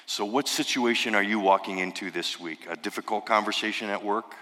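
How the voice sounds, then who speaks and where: A man's voice: on the low side, steady tone, brisk, few pauses, sharp tone. Earnest man preaching in an echoing church. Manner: earnest, building emphatic lists. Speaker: pastor. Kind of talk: sermon. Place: church sanctuary. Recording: reverberant church hall.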